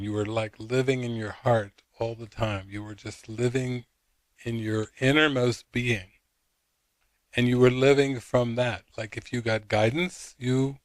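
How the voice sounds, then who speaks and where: A man's voice: mid-range voice, no echo. A man who is a spiritual teacher, telling a story at a retreat in a rambling, anecdotal way full of fillers. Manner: anecdotal, retells dialogue with many fillers.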